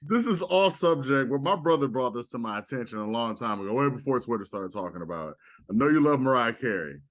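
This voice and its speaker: A man's voice: mid-range voice, expressive, fast talker. A man co-hosting a podcast in casual chat, laid-back and playfully teasing. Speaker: podcast co-host.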